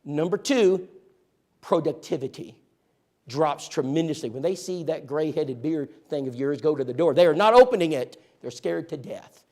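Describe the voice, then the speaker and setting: Church outreach guy giving a talk, kinda high voice, super animated, jokes around with the crowd. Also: normal speed. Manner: lively, joking, addresses listeners directly.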